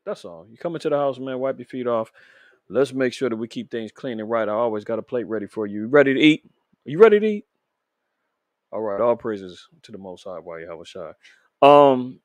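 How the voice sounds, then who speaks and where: A man hosts a religious commentary podcast in a preachy, animated way, throwing rhetorical questions at his audience. His voice sits somewhat high for a man. The recording is dry and close, with no room sound. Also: dry recording. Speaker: podcast host. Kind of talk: casual religious commentary show.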